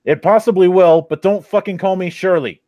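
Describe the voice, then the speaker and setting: A man's voice: sits high, moderate pace, mellow, no room sound, dull audio. A man hosting a casual podcast, reading a review aloud and mocking it with crude sarcasm. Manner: sarcastic, profane, heckles as he reads.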